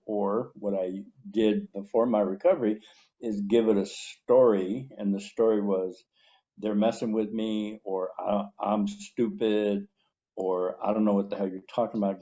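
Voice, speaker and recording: A man co-hosting a talk show, sharing his own experience of recovery slowly and deliberately, with long pauses. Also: on the low side, dark tone, muffled recording. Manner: slow, deliberate, drawn-out words with pauses. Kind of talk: reflective personal sharing. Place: a room with people.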